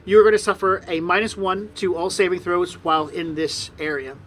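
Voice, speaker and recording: A man's voice: sits high, steady tone, normal speed, fairly bright tone, a little hiss or hum. A man narrating a tabletop game as game master, describing scenes with frequent fillers.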